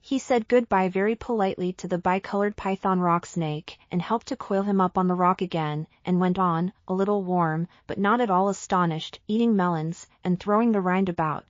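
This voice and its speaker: A woman narrating a simple storybook for English learners, slow and careful. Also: lowish voice, dry recording, lo-fi sound.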